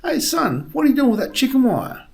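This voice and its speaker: A man's voice: big pitch swings, brisk, creaky, exaggerated voice. A man doing a scoffing old porch-sitter. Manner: jumps to a high scoffing pitch.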